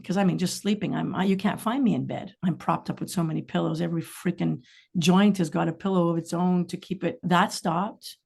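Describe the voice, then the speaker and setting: A woman's voice: fairly low pitch, brisk, vocal fry, husky. A middle-aged woman, a singer-songwriter guest, telling candid, rambling stories in a casual podcast chat. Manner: candid, rambling storytelling with lively asides.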